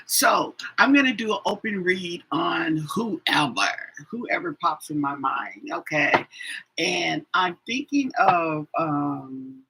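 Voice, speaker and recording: A husky woman talks slowly and casually as a tarot reader on a live stream. Her voice is bright, and she rambles with many fillers and repeats herself. She yawns often as she talks. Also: on the low side, lively intonation, low-quality recording. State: yawning often.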